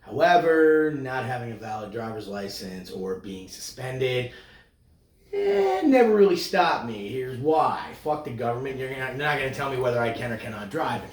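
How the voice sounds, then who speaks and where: A man co-hosting a podcast, swearing a lot and slipping into loud mocking impressions. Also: mid-range voice, very animated, normal speed, roomy sound. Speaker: podcast co-host. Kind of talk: crude casual banter.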